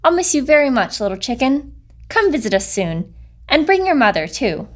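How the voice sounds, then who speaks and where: Young adventurous frog girl, eager and calling out, high lively voice, voiced by a woman. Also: normal speed.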